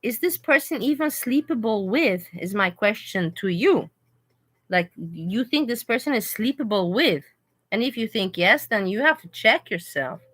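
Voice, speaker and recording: Bright-voiced woman chatting on a livestream. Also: medium pitch, measured pace, poor audio. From Europe. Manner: animated, talks back to chat commenters. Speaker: livestream host reading chat. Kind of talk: casual livestream chat. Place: hotel room.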